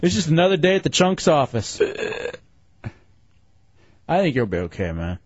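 A man's voice: a little high, very animated, normal speed, no room sound. A man hosting a casual show, teasing and goading the others in banter. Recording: dull lo-fi sound.

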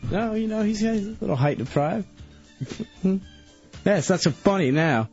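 A man on a radio show telling a rambling, excitable story, restarting his sentences a lot. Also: high-pitched, unhurried, faint music behind. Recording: dull lo-fi radio broadcast.

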